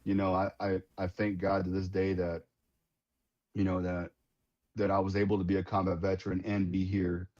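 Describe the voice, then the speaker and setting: Casting: low-pitched man, retired veteran, lively storyteller, muffled lo-fi sound. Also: normal speed. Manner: animated storyteller, many restarts and quoted voices. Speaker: guest, retired Marine veteran. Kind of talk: casual storytelling interview. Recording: dull lo-fi sound.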